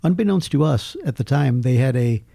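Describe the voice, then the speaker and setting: A man's voice: medium pitch, brisk, gravelly, slightly rough, dry recording. A man, a film critic telling jokey stories in casual chat. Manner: storytelling, jokey, lively asides. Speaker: podcast guest, film critic.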